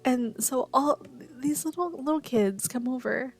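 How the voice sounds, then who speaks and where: A woman's voice: high voice, unhurried. A woman streaming, telling stories in a casual, chatty way, laughing often and swearing. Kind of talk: casual stream chat, storytelling.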